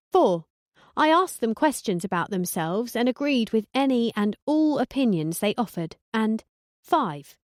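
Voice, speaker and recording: A woman narrating an audiobook in the first person, sardonic and deadpan. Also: mid-range voice, no echo, clean studio sound.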